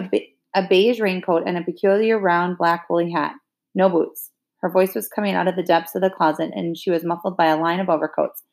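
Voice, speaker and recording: A woman reading a novel aloud in a steady storytelling delivery. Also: fairly low pitch. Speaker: audiobook reader.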